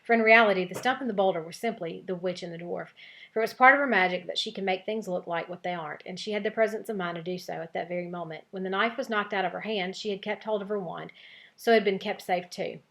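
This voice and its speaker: A woman teacher reads a children's novel aloud to her class. Her narration is expressive storytelling at a middling pitch, steady and clear. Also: quick pace.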